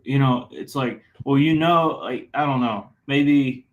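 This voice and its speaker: A man's voice: mid-range voice, takes it slowly. A male student speaking casually in a class discussion, joking a little as he works through an idea.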